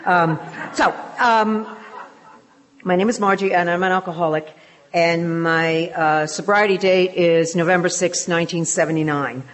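Woman, older, from England, low-ish voice, personal testimony, self-deprecating humor, lots of ums. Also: steady tone, a little slow. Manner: self-deprecating, joking, many fillers. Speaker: speaker at a recovery meeting.

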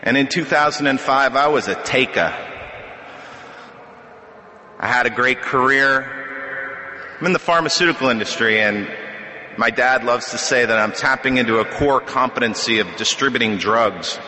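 A middle-aged man tells his story from a podium in a piercingly bright, edgy voice, joking at his own expense as he goes. His words ring out through a big hall with a long, lingering echo. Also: mid-range voice, normal speed, a little hiss or hum. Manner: conversational storytelling with self-deprecating humor. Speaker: speaker sharing at a recovery meeting. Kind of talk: personal testimony at a podium. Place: meeting hall. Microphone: podium microphone. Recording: echoey hall with long reverb.

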